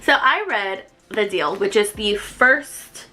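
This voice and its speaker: A woman in her twenties chatting excitedly to camera about books she loves, with lots of fillers. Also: mid-range voice, takes it slowly, faint music behind, rough recording. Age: 20s. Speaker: book vlogger. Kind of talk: casual chat to camera.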